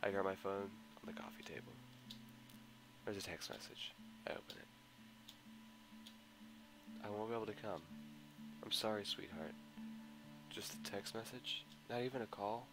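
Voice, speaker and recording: A man's voice: fairly low pitch, fairly even intonation, moderate pace, pauses often, poor audio. A man giving a dramatic first-person narration of a visual novel with an emotional, anguished delivery. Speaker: visual novel mod reader. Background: guitar music.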